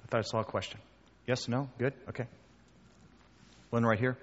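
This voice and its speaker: A man preaching a sermon and taking questions, animated and emphatic, acting out the voices he quotes. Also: mid-range voice, normal speed. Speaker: pastor. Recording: dull sound with long hall reverb.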